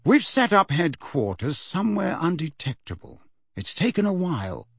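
Weary, kindly wizard, quiet and measured, as a male narrator reads him, husky tone. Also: fairly high pitch, huge pitch swings, no room sound, clean studio sound, exaggerated voice. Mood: calm. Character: tired, kindly young wizard, calm and gentle.

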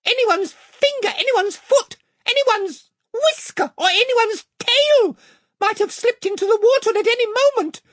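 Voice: extremely high pitch, expressive, a little slow, a bit bright, no room sound, studio quality, pitched above the performer's own voice, heavily acted. A reader voicing a small, brave, courtly talking mouse knight in a storybook reading, with formal, gallant speech. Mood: grave.

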